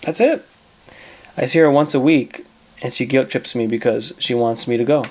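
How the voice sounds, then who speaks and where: A man's voice: medium pitch, steady tone, brisk, darkish tone. Man, mid-range voice, advice show host, casual monologue, blunt, profane, repeats phrases.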